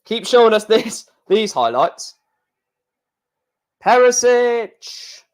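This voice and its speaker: A man hosting a casual live stream, talking in an excitable, rambling way with many restarts. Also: fairly high pitch, measured pace.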